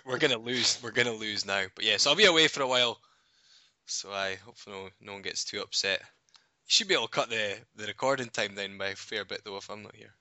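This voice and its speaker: This is a Scottish man in his twenties trading jokes on a podcast and laughing often at his own expense. His voice is very bright, and it sits dry and close. The recording is a little dull, as if lo-fi. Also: on the low side, no echo. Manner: laughs often, self-mocking. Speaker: podcast co-host. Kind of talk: casual banter.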